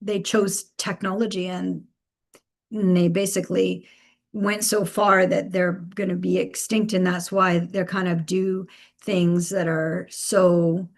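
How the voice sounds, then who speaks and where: A woman's voice: lowish voice, flat delivery, slow pace, creaky. A woman hosting a live spiritual guidance stream, speaking emphatically, repeating key phrases and laughing between points.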